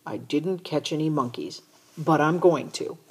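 A woman's voice: low-pitched, measured pace, breathy edge. A woman reading aloud, voicing a stubborn, defensive country boy in a storybook. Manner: defensive, exasperated.

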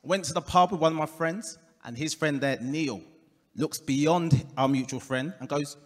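A man with an Essex accent doing a stand-up comedy set, delivering deadpan punchlines and working the crowd. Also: on the high side, normal speed. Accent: Essex English. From England. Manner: deadpan punchlines, crowd work, puts on voices for quoted people. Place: comedy club stage before a live audience. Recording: live club room with long reverb.

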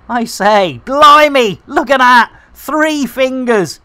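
A woman's voice: high voice, lively intonation, slow, hardly any pauses, pushed and bright. A woman streamer giving cheeky, bantering live commentary into a desk microphone.

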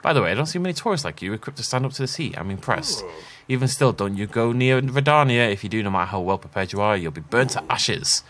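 A man voicing a gruff, grumpy male Goron from a video game, reading its dialogue aloud with a grumbling, dismissive manner. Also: medium pitch, lively intonation, fast talker, fairly bright tone, lightly acted.

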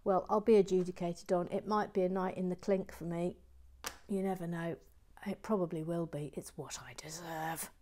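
A woman's voice: on the low side, fairly even intonation, normal speed, warm tone, a little hiss or hum. A woman hosting a casual building stream, chatting in a self-deprecating, exclamatory way. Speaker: LEGO building stream host. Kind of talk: casual chat while building.

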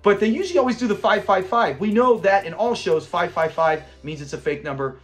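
Man, high voice, casual show host, chatty, laughs often, faint background music. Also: brisk. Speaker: host of a classic TV review channel. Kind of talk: casual episode breakdown.

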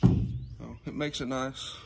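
A man's voice: mid-range voice, takes it slowly, gravelly, very noisy. A man giving a casual, rambling review of his truck hitch outdoors, with lots of ums and y'all. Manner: relaxed, rambling, many "um"s and "y'all".

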